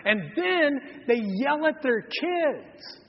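A man's voice: extremely high pitch, lively intonation, slow pace, slight background noise. A man, preaching a sermon in a folksy storytelling way and acting out the people he quotes. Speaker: pastor. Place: church hall. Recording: dull, reverberant church hall.

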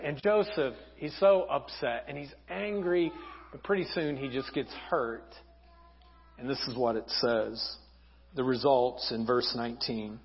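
Animated pastor preaching in an echoey church. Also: male voice, medium pitch, slow, pauses often, husky. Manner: lively storytelling with acted voices. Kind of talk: sermon. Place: church hall. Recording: dull sound, long church reverb.

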